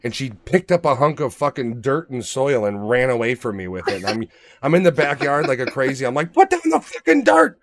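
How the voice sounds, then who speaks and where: A man co-hosting a podcast in casual chat, swearing freely and acting out his dogs in lively stories. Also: mid-range voice, a little fast. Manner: profane, animated storytelling, acts out his dogs. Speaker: podcast co-host.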